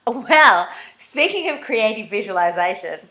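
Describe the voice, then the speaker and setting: An Australian woman jokes her way through a confessional vlog, her voice leaping about and sometimes squeaking up high. Her pitch is mid-range but very lively. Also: measured pace. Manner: animated, jokey, swings into squeaky high voice. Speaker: vlogger.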